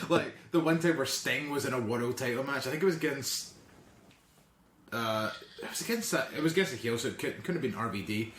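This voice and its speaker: A man's voice: medium pitch, a bit bright. A man hosting a casual podcast chat, rambling and swearing freely as he retells stories. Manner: rambling, swearing, acts out quotes. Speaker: podcast host. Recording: roomy with faint noise.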